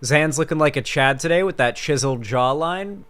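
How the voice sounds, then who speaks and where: A man's voice: on the high side, expressive, moderate pace, fairly bright tone, smooth. A man streaming live, chatting casually with his chat in a rambling, crude, sarcastic way.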